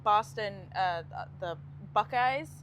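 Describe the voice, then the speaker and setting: A woman's voice: medium pitch, animated, takes it slowly, a bit bright, a little hiss or hum. A young woman from Australia with a mild Australian accent tinged with American, co-hosting a sister podcast in a giggly, self-correcting chat. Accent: mild Australian, partly American. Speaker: podcast co-host. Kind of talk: casual chat.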